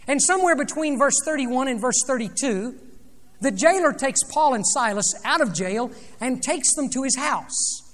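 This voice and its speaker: A man preaching a sermon, retelling a scripture story dramatically, rising loud and dropping soft. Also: very high voice, expressive, moderate pace. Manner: dramatic storytelling with sweeping swings in loudness. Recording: long reverb of a large hall.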